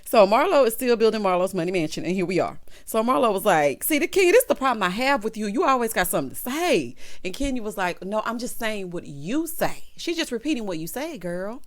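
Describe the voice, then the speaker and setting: A woman giving a sassy, gossipy commentary on a reality TV episode, breaking into loud laughs. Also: mid-range voice, very animated, brisk, few pauses. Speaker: reality TV recap host. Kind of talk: casual recap commentary.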